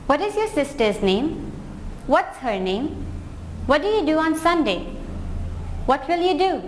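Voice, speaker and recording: A woman teaching English, reading example questions and answers aloud slowly and carefully, one sentence at a time. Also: high voice, lively intonation. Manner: slow, careful drill reading. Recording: echoey room with faint ambient noise.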